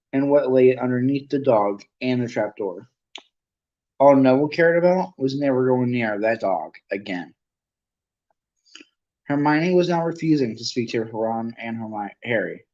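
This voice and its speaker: A man's voice: medium pitch, darkish tone, lo-fi sound. A man reading a novel aloud as an amateur narrator, often stumbling and correcting himself. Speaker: amateur audiobook reader.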